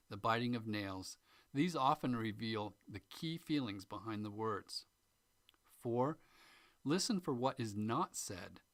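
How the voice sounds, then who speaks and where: A man's voice: mid-range voice, a bit bright, no room sound. A man teaching customer-service listening skills, going through numbered tips and acting out short examples. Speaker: instructor.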